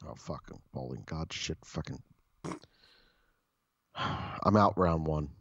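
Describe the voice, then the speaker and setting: A man with a very deep, husky voice swaps stories on a podcast, blunt and full of swearing. The sound is dry and a bit dull, as if close to a modest mic. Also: animated, slow, dry recording. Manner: profane, blunt and joking. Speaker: podcast co-host. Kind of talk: casual storytelling chat.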